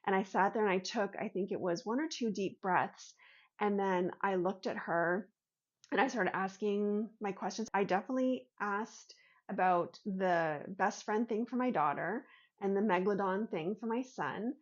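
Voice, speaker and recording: A woman's voice: medium pitch, normal speed, lo-fi sound. A woman vlogger telling a personal story and explaining an idea in an earnest way, acting out her own inner thoughts as she goes.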